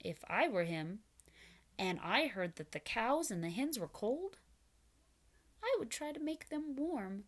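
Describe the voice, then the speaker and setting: A woman reading a picture book aloud to preschoolers, pausing to explain words and invite the children to join in. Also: on the high side, very animated. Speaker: children's storyteller.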